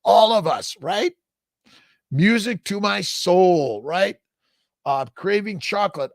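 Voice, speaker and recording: An older man with a fairly high, gravelly voice, answering viewer comments on a casual live stream. He talks in an upbeat, encouraging, folksy way, often asking "right?". The sound is close and dry. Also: animated, slow, pauses often, dry recording. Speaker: host answering viewer questions.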